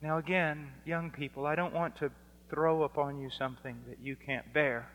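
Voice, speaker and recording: A man preaching a sermon, impassioned and building to near-shouting on key points. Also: a little high, steady tone, normal speed. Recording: long reverb of a large hall.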